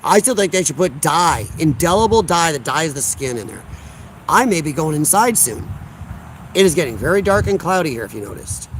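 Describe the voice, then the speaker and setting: A man's voice: on the high side, background noise. A man from Illinois hosting a casual livestream outdoors on a deck, reading chat aloud in a blunt, combative, sarcastic way.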